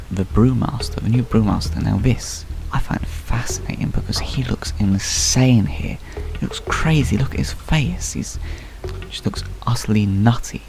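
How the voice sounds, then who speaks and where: A young man talks through a game trailer in a loose, chatty way, thinking out loud and filling his pauses with ums and you knows. His voice sits fairly low and carries a gravelly fry. A faint hiss runs underneath. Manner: chatty, musing aloud with many fillers. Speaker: video game commentator. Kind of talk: casual trailer analysis.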